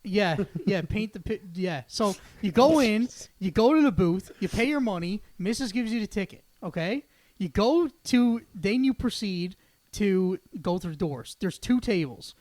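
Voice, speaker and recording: A man on a casual podcast, telling a story in a profane, animated rant. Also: high-pitched, normal speed, dry recording. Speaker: podcast co-host.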